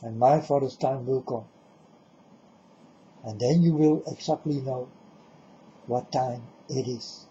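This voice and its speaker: A man's voice: mid-range voice, slow pace, long pauses, mellow, a little hiss or hum. A man preaching to the camera in a monologue, firing off repeated rhetorical questions at the viewer. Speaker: religious video preacher. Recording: dull lo-fi recording.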